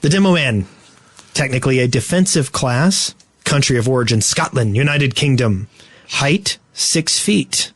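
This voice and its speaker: A man's voice: medium pitch, expressive, measured pace, slightly rough, no echo. An American man co-hosting a casual gaming podcast, laughing often and reading out notes. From United States. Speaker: podcast co-host.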